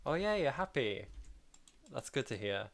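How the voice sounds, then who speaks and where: A man's voice: medium pitch, big pitch swings, measured pace, creaky, slight background noise. Chatty man hosting a game livestream. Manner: chatty, rambling, laughs often. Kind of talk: casual live commentary while playing.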